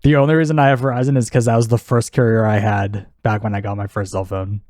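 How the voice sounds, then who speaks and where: A man's voice: fairly low pitch, little pitch movement, quick pace, darkish tone, dry recording, studio quality. A young man co-hosting a podcast, joking in casual chat and laughing often. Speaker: podcast co-host.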